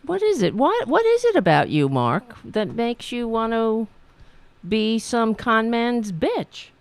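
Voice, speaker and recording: A woman's voice: on the high side, very animated, takes it slowly, dry recording. A woman host ranting about politics, sarcastic and profane, mocking commenters. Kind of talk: angry political rant.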